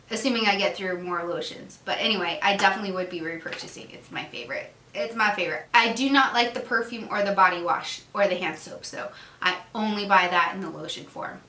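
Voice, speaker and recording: A chatty woman vlogger talks through her products in a relaxed, giggly way. Her voice is bright and crisp. The room around her is echoey. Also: medium pitch, slight background noise. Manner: chatty, giggly, acts out little dialogues. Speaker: beauty vlogger. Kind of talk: casual product review chat.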